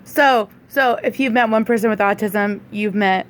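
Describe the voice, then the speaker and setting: A woman's voice: medium pitch, moderate pace, a little hiss or hum. A woman hosting a casual chat, leading the talk and summing it up with short questions. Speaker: host prompting a younger co-host.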